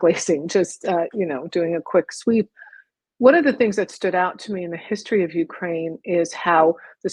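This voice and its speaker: A woman hosting a podcast who asks eager questions in quick, restarting bursts. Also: fairly low pitch, husky, no room sound, poor audio. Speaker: podcast host. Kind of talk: casual interview chat.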